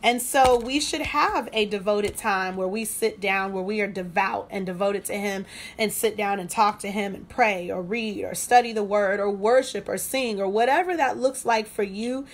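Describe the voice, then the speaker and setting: A woman's voice: medium pitch, moderate pace. A woman hosting a devotional study, speaking in a conversational, testimonial way and repeating phrases for emphasis. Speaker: devotional host. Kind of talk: devotional teaching.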